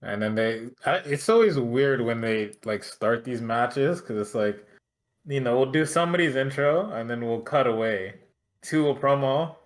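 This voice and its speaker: A man's voice: medium pitch, moderate pace. A man co-hosting a podcast, chatting casually and making dry, wry asides. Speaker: podcast co-host. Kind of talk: casual chat.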